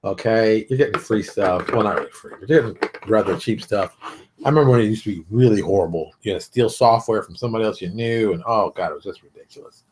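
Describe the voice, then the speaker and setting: A middle-aged man hosting a show, giving blunt, animated advice in a casual monologue. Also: lowish voice. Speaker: show host.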